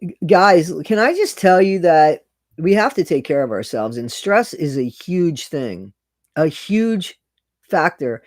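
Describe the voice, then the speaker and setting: A man's voice: fairly high pitch, very animated, slow pace, no room sound. A middle-aged man chatting casually with viewers on a live stream, greeting them by name and repeating his phrases.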